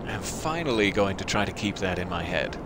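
Guy with a lowish voice doing laid-back game commentary, wanders off on tangents, jokes at himself. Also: expressive, fairly quick, noisy background. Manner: rambling, self-deprecating asides. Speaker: gameplay commentator. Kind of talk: casual let's-play commentary.

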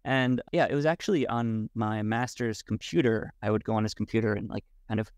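A man as a podcast guest, talking in a thoughtful, halting way with many restarts. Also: on the low side, steady tone, no room sound, studio quality. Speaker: podcast guest, Wudang martial arts teacher. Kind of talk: casual conversation.

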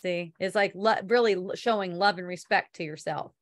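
A woman's voice: fairly low pitch, normal speed. A woman giving an online spiritual talk, rambling loosely, laughing often, swearing casually and reading viewer comments aloud.

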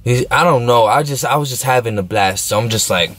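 Young man, mid-pitched voice, casual slangy storytime vlogger, rambling and laid-back. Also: fairly quick, a bit bright, no room sound. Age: young adult. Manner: slangy, rambling, keeps asking "you know what I'm saying"; laid-back, smoking while talking.

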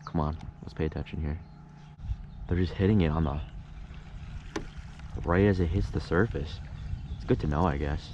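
This young fishing vlogger has a low voice and narrates at a moderate pace from his kayak on a lake, leaving long pauses in his casual running commentary. He's excitable, drifting between quiet reflection and loud bursts of frustration. The outdoor camera recording sounds muffled, with constant background noise.

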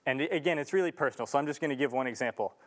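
A young male student speaks rapid-fire at medium pitch, giving an earnest but casual talk to an audience in a large lecture room. He restarts often and fills pauses with ums.

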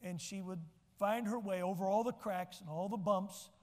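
A man's voice: sits high, fairly even intonation, moderate pace, long reverb tail. A man preaching a sermon as pastor, telling personal stories and building to emphatic lines. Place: church sanctuary.

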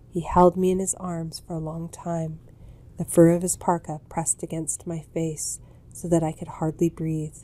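A woman author reading a chapter of her book aloud in a measured, calm first-person narration. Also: on the low side. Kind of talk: storybook reading.

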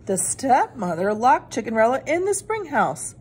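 A woman reading a children's picture book aloud in an expressive, animated way. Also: fairly high pitch, moderate pace, slight background noise. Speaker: storyteller.

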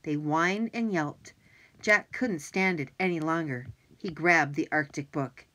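Animated woman reading a children's story. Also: low-pitched, measured pace, slight background noise, poor audio. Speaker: audiobook narrator.

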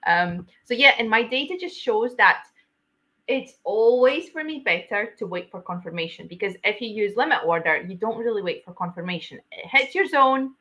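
A woman's voice: mid-range voice, lively intonation, normal speed, sharp tone. A woman hosting a live trading stream, talking animatedly and explaining her trading with fillers. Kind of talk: casual trading chat. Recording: dull lo-fi stream audio.

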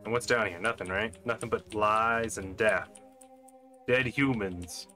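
A man's voice: fairly low pitch, steady tone, moderate pace, bright, forceful tone. A man commenting playfully on his own play of a shooter game, joking and talking to himself as he goes. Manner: playful, jokey, talking to himself while playing. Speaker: gaming channel host. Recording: game music playing behind.

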